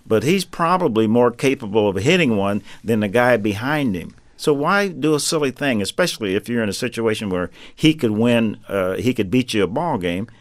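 A man in his seventies, a retired pitcher, relaxed and dryly humorous as he tells stories in an interview. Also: moderate pace, few pauses, no room sound. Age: 70s. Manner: relaxed, dry humor, many fillers and restarts. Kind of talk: interview storytelling.

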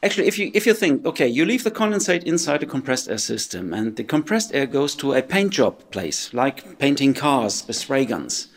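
A male marketing executive shows a visitor around and explains the products in an animated, colorful way. His pitch is lively and rises and falls a lot. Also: moderate pace, hardly any pauses. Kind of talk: informal explanation on a tour.

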